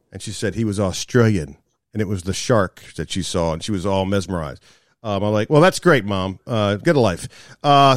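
A man hosting a casual golf chat, telling stories in an animated way. His pitch leaps and swoops as he talks. The sound is dry and close. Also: no room sound. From Maryland. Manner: animated storyteller, laughs often. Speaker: podcast host.

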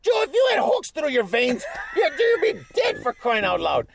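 Squeaky goofy TV leprechaun, as a man puts him on, wild pitch swings, calls the host by name constantly. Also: huge pitch swings, normal speed, vocal fry, a crowd in the background, full character voice. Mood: playful. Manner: tacks "Joe" onto nearly every line; silly, literal-minded comebacks. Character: goofy dysfunctional male leprechaun. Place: inside a car.

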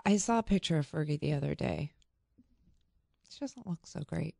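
A woman's voice: deep voice, expressive, moderate pace, creaky, dark tone, no room sound, clean studio sound. A woman in her forties co-hosting a podcast, chatty and gossipy. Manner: chatty, gossipy, laughs often. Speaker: podcast co-host. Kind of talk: casual chat.

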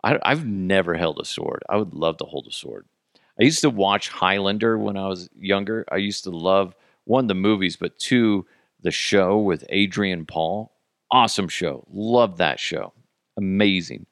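A man's voice: low voice, unhurried, a bit bright, dry recording, studio quality. A man hosting a radio show, rambling through a casual comedic monologue with goofy, profane jokes and laughter. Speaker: radio host.

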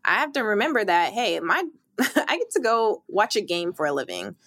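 A woman's voice: mid-range voice, big pitch swings, normal speed, vocal fry, fairly bright tone, no room sound. A young woman sports reporter, interviewed, talking in upbeat, emphatic bursts with occasional laughs.

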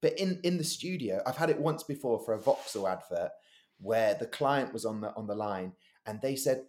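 A man's voice: medium pitch, moderate pace. A man, a voice-over artist co-hosting a podcast, telling stories casually and acting out quoted lines. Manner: lively storyteller, acts out quoted lines. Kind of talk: casual chat.

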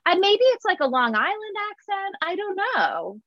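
A woman hosting a podcast in casual, chatty talk, laughing often and slipping in quick asides. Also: very high voice, big pitch swings, dry recording. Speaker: podcast host. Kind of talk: casual chat. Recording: dull, lo-fi sound.

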